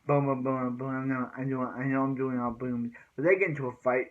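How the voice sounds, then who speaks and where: A man's voice: mid-range voice, flat delivery, fairly quick, phone-quality sound. A man casually recapping TV fight scenes, rambling with filler words and sound effects. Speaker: show recap vlogger.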